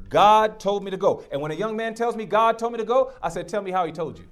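A middle-aged man preaching a sermon, emphatic and direct, throwing rhetorical questions at his congregation. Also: high voice.

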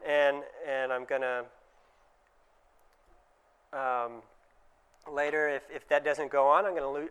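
A man's voice: mid-range voice, fairly even intonation, a little slow, pauses often, fairly bright tone, clean tone. A man giving a conversational presentation to fellow dentists, often acting out short dialogues in changed voices. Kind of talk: conference talk to dentists.

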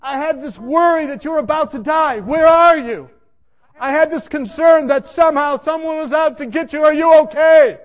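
A man voicing a weeping, frantic mother who pleads with her son on the phone in high, crying tones. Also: normal speed, lo-fi sound. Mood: pleading, tearful.

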